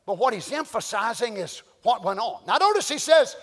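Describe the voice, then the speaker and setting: A man preaching with a very high, bright, ringing voice. He drops to a hush, then climbs into loud emphatic shouts. His voice rings out with a long hall reverb behind it. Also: very animated, moderate pace. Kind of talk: sermon.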